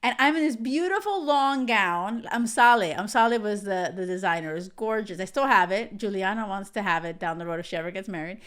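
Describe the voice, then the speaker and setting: A woman in her thirties hosting a podcast, telling a story in an animated way with frequent laughter. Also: medium pitch, brisk, hardly any pauses. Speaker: podcast host. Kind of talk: casual chat.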